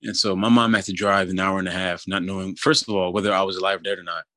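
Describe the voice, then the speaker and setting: A man's voice: sits low, little pitch movement, fast, bright, forceful tone, dry recording. A man in his twenties casually telling a personal story, with many fillers and asides. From Philadelphia area. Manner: casual, many fillers like "you know" and "kinda".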